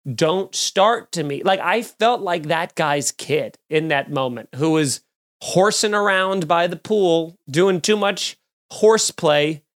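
A man, a comedian hosting a podcast, telling a story in a casual, animated way and acting out the other people's lines. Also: on the high side, takes it slowly. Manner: animated, acts out quoted voices.

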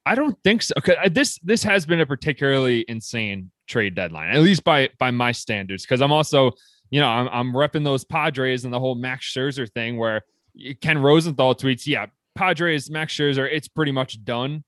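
Brief: excitable male sports co-host, lively and slightly high voice, dry sound. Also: dry recording. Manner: animated, excitable, rapid swings in pitch. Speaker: podcast co-host. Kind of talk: casual sports chat.

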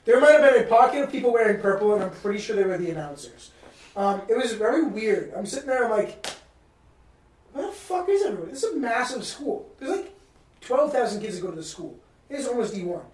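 A man's voice: high-pitched, animated, fast, a little mellow, recorded from a distance, a little hiss or hum. A man from New England hosting a podcast, telling a trip story in casual chat, rambling and swearing freely. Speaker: podcast host. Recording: roomy sound from off-mic.

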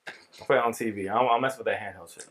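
A man's voice: lowish voice, fast, fairly bright tone. A man co-hosting a video game podcast in casual chat, talking frankly and plainly.

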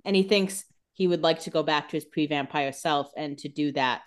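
Lower-voiced woman, wry and analytical. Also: moderate pace, clear, resonant tone. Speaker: podcast co-host. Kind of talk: casual chat recapping a TV episode.

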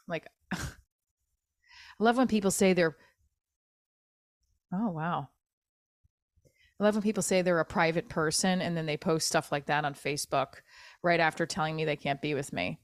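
A woman's voice: low-pitched, fairly even intonation, measured pace, long pauses, dry recording, clean studio sound. A woman hosting a podcast alone, talking in an upset, self-critical way, swearing and restarting her sentences. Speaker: podcast host. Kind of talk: emotional solo podcast monologue.

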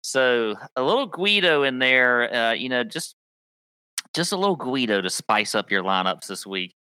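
A man's voice: mid-range voice, expressive, moderate pace, sharp tone, clear, resonant tone, no room sound. A man co-hosting a podcast, chatting in an easygoing way and reading off statistics. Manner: easygoing, reads off stats. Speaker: podcast co-host. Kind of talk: casual fantasy sports chat.

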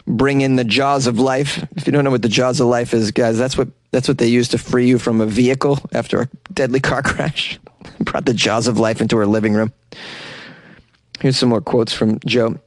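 A man's voice: mid-range voice, steady tone, moderate pace, no room sound. Sarcastic male commentator, dry sound. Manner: sarcastic, wisecracking asides. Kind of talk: comedic news commentary.

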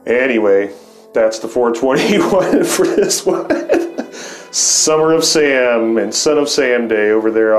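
A man in his forties telling rambling, profane stories in a laid-back stoner way as the host of his show. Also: fairly low pitch. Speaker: podcast host. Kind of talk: casual storytelling.

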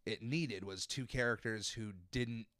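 A man's voice: medium pitch, measured pace, a bit bright, no room sound, clean studio sound. A young man hosting a podcast, chatting casually with lots of fillers and restarts. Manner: rambling, many fillers and restarts. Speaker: podcast host. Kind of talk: casual chat.

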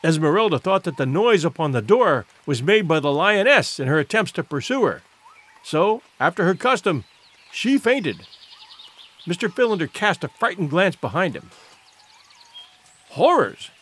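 A man narrates a classic adventure tale in a fairly high voice. His pitch moves a lot, rising and falling with the drama. The reading is expressive and theatrical, in a scripted storybook manner. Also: normal speed. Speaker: audiobook narrator.

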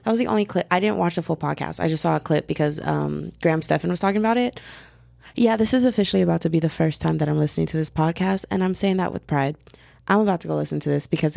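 Excitable woman chatting into phone. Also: deep voice, fast talker, vocal fry, no echo, clean studio sound. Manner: chatty, excitable, gushing storyteller. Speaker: podcaster. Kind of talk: casual voice-note podcast chat. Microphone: phone voice memo.

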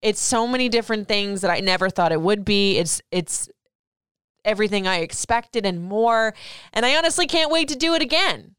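A woman's voice: mid-range voice, animated, moderate pace, a bit bright, clean tone, no room sound, clean studio sound. A young woman hosting a podcast, speaking emotionally and tearfully as she gives advice to her young son, then thanks her listeners. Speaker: podcast host. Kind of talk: heartfelt podcast monologue.

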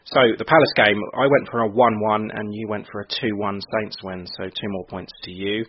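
Casting: male podcast co-host, husky, mid pitch, dull lo-fi sound. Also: steady tone, moderate pace. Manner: laughs often, runs segments. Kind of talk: casual podcast chat. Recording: dull lo-fi audio.

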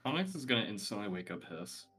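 A man playing a tabletop game, stating his character's actions in a calm, matter-of-fact way. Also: lowish voice, fast talker, faint music behind. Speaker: player. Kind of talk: casual tabletop play.

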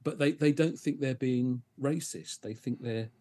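A middle-aged man, a guest on a podcast, telling animated anecdotes and acting out other people's lines. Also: mid-range voice, a little slow. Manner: animated storyteller, acts out others' lines, frequent laughs and restarts. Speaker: interview guest, advertising professional. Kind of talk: conversational podcast interview.

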